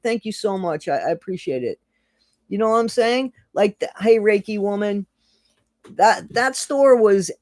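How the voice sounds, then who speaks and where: A man's voice: sits high, no room sound. A man hosting a casual live stream, talking earnestly and emotionally, swearing now and then and greeting viewers from the chat by name.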